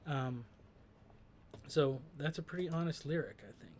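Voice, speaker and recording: Guy talking through song lyrics, kinda higher voice, lots of ums and restarts. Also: lively intonation, moderate pace, darkish tone, a little hiss or hum. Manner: thoughtful, hesitant, many fillers and restarts. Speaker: host discussing song lyrics. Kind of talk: reflective commentary.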